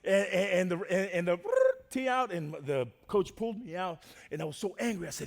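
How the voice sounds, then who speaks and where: A man preaching a sermon to a church, telling a personal story in an animated way that swings between loud and hushed. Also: high voice, fairly quick.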